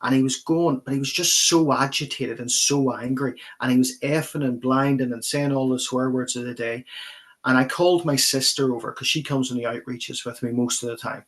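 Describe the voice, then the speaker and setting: A man's voice: mid-range voice, steady tone, a little fast, a bit bright. A middle-aged man, a pastor earnestly and vividly recounting a personal experience as an interview guest.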